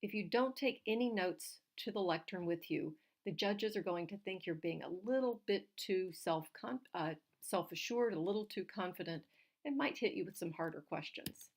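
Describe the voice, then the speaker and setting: A woman, a legal writing instructor, giving clear, direct numbered tips on oral argument. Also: fairly low pitch, moderate pace.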